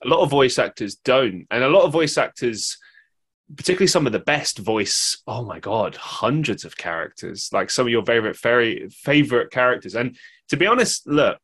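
A man's voice: medium pitch, lively intonation, moderate pace, a bit bright, husky. A man with an English accent hosting a podcast, chatting casually and rambling with lots of fillers and restarts. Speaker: podcast host. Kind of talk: casual interview chat.

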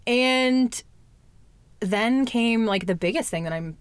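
A woman's voice: on the high side, takes it slowly, smooth, no echo. Young adult woman, casual and candid, filler-heavy chat; dry, close recording. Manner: candid, chatty, fillers and swearing.

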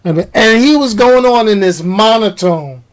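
A man vlogging, telling a rambling, casual story in slangy talk and often jumping up in pitch for emphasis. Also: lively intonation, unhurried, poor audio.

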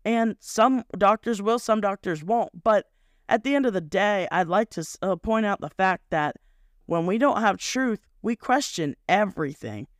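A man's voice: high-pitched, lively intonation, normal speed, dry recording, studio quality. A young man hosting a faith podcast, talking in a rambling, earnest way and often correcting himself. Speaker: podcast host. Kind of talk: casual devotional podcast talk.

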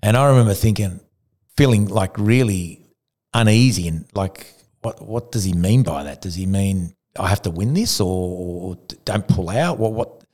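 A man from Argentina with a low voice recounts a race story on a podcast. He talks casually, restarts his sentences and acts out what others said along the way. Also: moderate pace. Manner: animated storyteller who acts out quotes, frequent restarts. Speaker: guest, retired pro cyclist.

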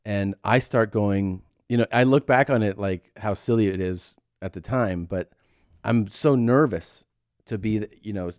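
A low-pitched man in his forties tells a story on a podcast, jumping into high put-on voices for the people in it. The sound is dry and close, with no room around him. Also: measured pace, no echo. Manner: animated, acts out voices in stories. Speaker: podcast co-host. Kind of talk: casual comedic storytelling.

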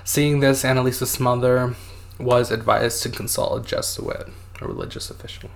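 A man's voice: medium pitch, level tone, moderate pace, vocal fry. Man, podcast storyteller, hesitant, filler-heavy, reads quotes aloud. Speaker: podcast co-host telling a story. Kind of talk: casual storytelling podcast chat.

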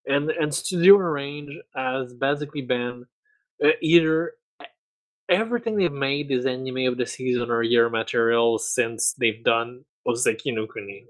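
A man's voice: medium pitch, normal speed, poor audio. A man co-hosting a podcast who stammers and repeats words, often ending remarks with a questioning "no?". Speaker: podcast co-host. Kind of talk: casual chat.

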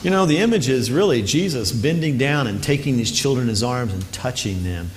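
A man of ordinary pitch delivering a sermon, earnest and emphatic. He leans on repeated phrases and turns brisk and animated when telling a story. A faint hum of noise sits behind him. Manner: lively storyteller, speeds up in anecdotes. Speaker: preacher.

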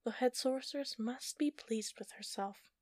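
A woman's voice: on the high side, measured pace, dry recording, pitched above the performer's own voice, natural voice. A woman narrator voicing a scornful, mocking sorceress with a dry, taunting delivery.

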